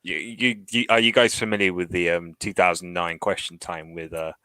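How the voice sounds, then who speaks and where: A man's voice: low-pitched, fairly even intonation, moderate pace, bright, forceful tone, smooth, dry recording, low-quality recording. A young man on a casual live stream, teasing the others with many hesitations. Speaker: stream guest.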